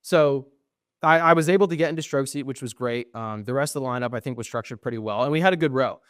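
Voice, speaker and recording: A young man speaks with a medium pitch, quick pace, and clean tone, recorded dry in clean studio sound. Co-hosting a podcast, he animatedly tells a long casual story, acting out quoted exchanges with frequent ums and swearing when frustrated.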